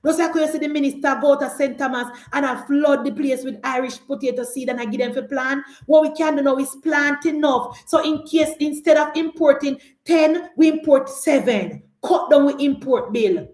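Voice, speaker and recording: A woman's voice: high-pitched, moderate pace, few pauses, a little mellow, echoey room. A woman with a Jamaican accent giving emphatic, argumentative political commentary on a live call-in show.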